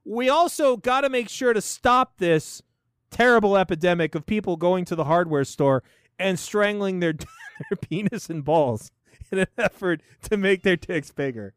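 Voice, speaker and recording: A middle-aged man hosts a comedy podcast in a loose, sarcastic riff, laughing often. His voice sits high and bounces all over the place. The recording is close and dry. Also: lively intonation, moderate pace, smooth, no room sound. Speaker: podcast host. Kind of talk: casual comedic commentary.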